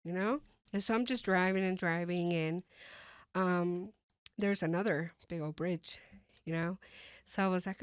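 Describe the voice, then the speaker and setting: A woman sharing her personal testimony as a guest, speaking hesitantly with many fillers and restarts and softly re-enacting her own thoughts. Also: fairly low pitch, fairly even intonation, unhurried, clear, resonant tone, dry recording, clean studio sound.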